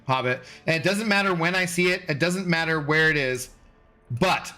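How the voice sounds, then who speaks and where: A man's voice: fairly high pitch, pushed and bright. A man in his forties from Washington State, hosting a livestream and chatting casually with viewers, loose and profane, laughing often. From Washington State, USA. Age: 40s. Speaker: livestream host reading chat. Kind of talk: casual chat.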